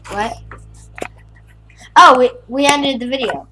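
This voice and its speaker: A woman chats offhandedly as a guest during a game in a fairly high voice. Her speech is casual and chatty. A faint hiss of background noise sits under her voice. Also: slow, sharp tone, poor audio. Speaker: guest player. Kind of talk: casual gameplay chat.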